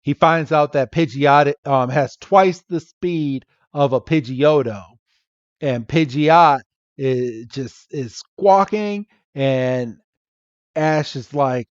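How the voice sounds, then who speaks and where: A man's voice: fairly high pitch, slow, dry recording, lo-fi sound. A man hosting a podcast, playfully recapping an episode and acting out the characters' lines. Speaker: podcast host.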